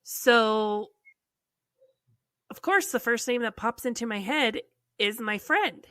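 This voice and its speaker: Woman, podcast host, casual storytelling, exasperated, bright tone, slow, dry close sound. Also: fairly high pitch, no room sound. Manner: animated storytelling, heavy use of "like". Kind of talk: casual chat.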